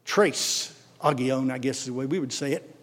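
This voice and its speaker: A man with a Texan accent preaching a sermon as pastor, swelling emphatically on key words and dropping into quick asides. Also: mid-range voice, darkish tone. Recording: long hall reverb.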